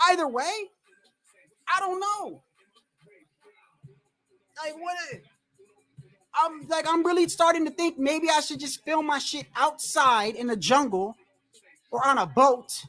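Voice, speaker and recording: High-voiced, animated streamer guy. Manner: animated, profane, rambling. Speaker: boxing commentary streamer. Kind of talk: casual livestream storytelling.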